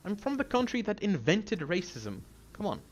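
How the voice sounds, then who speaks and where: A man's voice: high-pitched, huge pitch swings, normal speed. A man streaming a video game, ranting heatedly and swearing freely. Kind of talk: casual game livestream chat.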